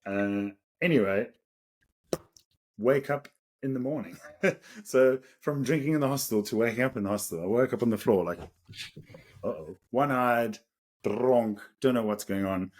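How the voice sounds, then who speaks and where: A man's voice: mid-range voice, normal speed, long pauses. A South African man in his thirties, a podcast co-host telling a story casually, laughing often as he goes. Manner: animated, laughs through the story.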